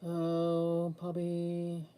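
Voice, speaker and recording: Older female livestream host, low mellow voice, casual and candid with viewers. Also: monotone, drawn-out words, clear, resonant tone. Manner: candid, chatty, confiding. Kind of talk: casual live chat while painting.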